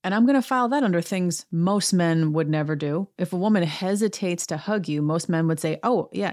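A woman's voice: on the low side, a little mellow, no echo, clean studio sound. A middle-aged woman hosting a recap show, chatty and sarcastic, acting out quotes in bigger voices. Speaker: podcast host recapping a reality show. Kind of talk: casual recap monologue.

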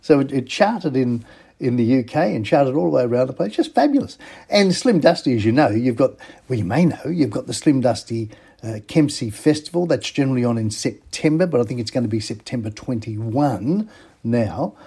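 A man's voice: medium pitch, expressive, moderate pace, creaky, dark tone, slightly rough. A man with an Australian accent hosting a casual radio show, rambling and repeating himself with chuckling asides.

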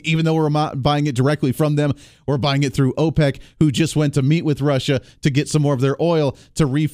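A man hosting a live talk radio show, delivering an energetic, sarcastic monologue from a radio studio. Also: medium pitch, no room sound. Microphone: studio microphone.

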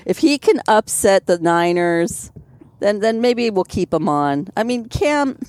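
Lively low-voiced woman chiming in. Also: measured pace, no room sound. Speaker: co-host. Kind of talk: casual chat, brief interjections.

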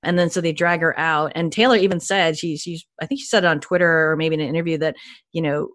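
Woman, podcast co-host, enthusiastic, gushing, slightly low voice, dry recording. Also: steady tone, fast, no echo. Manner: enthusiastic, gushing, frequent restarts. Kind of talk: casual podcast chat.

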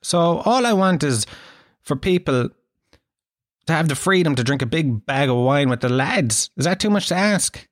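A man's voice: a little high, expressive, normal speed, dry recording, studio quality. A man in his thirties with an Irish accent, hosting a podcast in a rambling, sweary, self-mocking comic monologue. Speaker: podcast host.

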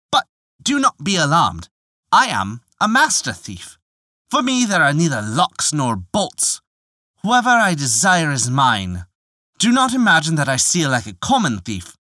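A man's voice: high-pitched, bright, forceful tone, dry recording, clean studio sound, full character voice. A man voicing a clever young master thief who speaks confidently and a little boastfully.

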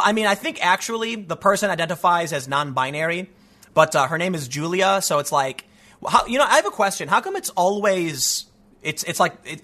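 A man hosts an opinionated news commentary show, reading stories aloud and mocking them with sarcastic, rambling asides. His voice is a little high, bright, and forceful.

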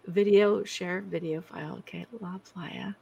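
A woman's voice: on the low side, fairly even intonation, measured pace, vocal fry, mellow, dull audio, a little hiss or hum. A woman being interviewed as a guest over a video call, chatty, breaking off her own sentences and laughing often.

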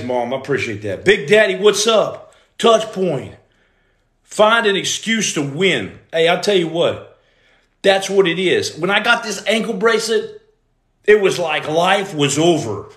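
Animated man hosting a live stream. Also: high voice. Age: 40s. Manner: animated, greets viewers, loud outbursts. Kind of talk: casual live-stream chat. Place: room at home. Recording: echoey room.

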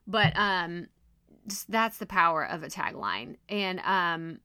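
Bright-voiced chatty woman podcaster. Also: lowish voice, slow pace, clear, resonant tone, no echo, studio quality. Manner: chatty, animated, self-deprecating. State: voice strained and going hoarse. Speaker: podcast host and coach. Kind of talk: casual solo podcast teaching.

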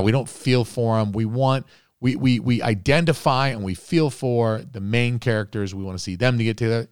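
A man co-hosting a podcast, chatting casually about a movie in an animated, rambling way, acting out quotes in a higher voice. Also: no echo, clean studio sound. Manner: rambling with restarts and profanity. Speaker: podcast co-host. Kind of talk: casual movie review chat.

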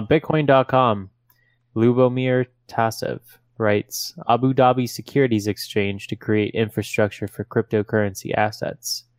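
A man co-hosting a podcast, reading news articles aloud in a steady way with a few fillers. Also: on the low side, no echo. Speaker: podcast co-host.

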